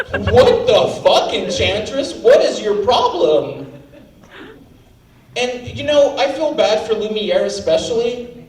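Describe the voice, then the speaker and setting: A man doing standup, ranting with outrage and plenty of profanity. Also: extremely high pitch. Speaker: standup comic. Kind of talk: standup set. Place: comedy club stage. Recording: roomy live venue, mic at a distance, faint ambience.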